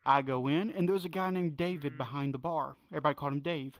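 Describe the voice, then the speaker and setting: A man from North Georgia, telling biker stories in a casual, profane, animated way. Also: on the high side, fast talker. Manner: profane, drawling, animated retelling. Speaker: storyteller. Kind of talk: casual storytelling.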